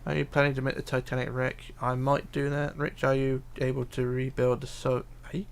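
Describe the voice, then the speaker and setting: A man's voice: medium pitch, monotone, normal speed, gravelly, slight background noise. A man streaming live, reading viewer comments aloud and muttering to himself as he builds, with hesitant fillers. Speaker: livestreamer. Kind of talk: casual live stream chat while building.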